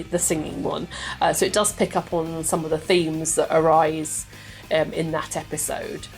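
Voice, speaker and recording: Woman, podcast guest, enthusiastic chat, low voice, faint music behind. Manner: enthusiastic, chatty, laughing often. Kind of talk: casual chat.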